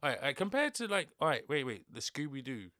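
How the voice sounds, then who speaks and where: A man's voice: medium pitch, very animated, fast, sharp tone, no room sound, studio quality. Teasing man quizzing his co-host. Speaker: podcast co-host. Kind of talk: casual chat.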